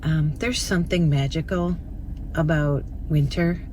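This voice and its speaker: A woman's voice: low-pitched, steady tone, a little slow, darkish tone, slight background noise, rough recording. A woman from Minnesota chatting casually and upbeat in a travel vlog. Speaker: travel vlogger.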